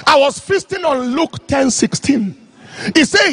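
A man preaching an impassioned sermon, telling a story and shouting out phrases. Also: very high-pitched, wildly swooping pitch, unhurried, gravelly.

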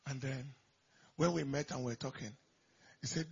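A man's voice: medium pitch, normal speed, gravelly, long pauses, a little mellow, slightly rough. A man preaching a sermon as pastor, telling a story with emphatic surges of volume. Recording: dull lo-fi recording.

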